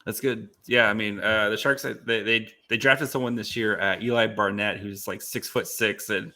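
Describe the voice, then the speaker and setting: A man hosting a sports podcast, relaxed and chatty, asking questions with easy laughter. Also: lowish voice, moderate pace. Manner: relaxed, many fillers and restarts, easy laughter. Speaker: podcast host. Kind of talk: casual sports podcast chat.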